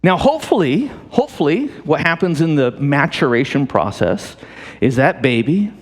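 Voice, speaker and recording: A married man preaching a sermon to a church congregation, animated and jokey, often repeating and restarting his phrases. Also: a little high, normal speed. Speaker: pastor. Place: church sanctuary. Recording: long hall reverb.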